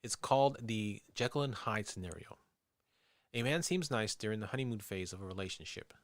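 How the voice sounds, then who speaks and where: A man's voice: fairly low pitch, animated, brisk, dry recording, studio quality. A man co-hosting a podcast, reading a scripted true-crime account and chatting with his co-host. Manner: reads narration steadily, laughs easily in banter.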